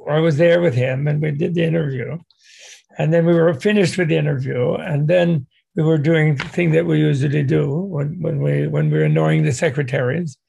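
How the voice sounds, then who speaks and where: An older man speaks casually as a guest, storytelling with a very gravelly, husky voice. His pitch sits a little high, and he wanders off course with frequent restarts and chuckles. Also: a little mellow. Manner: digressive, with many restarts and chuckles.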